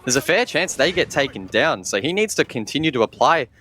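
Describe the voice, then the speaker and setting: A man's voice: medium pitch, very animated, brisk, pushed and bright, slight background noise. A man giving analytical colour commentary on an esports match. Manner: analytical, then incredulous. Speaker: esports caster.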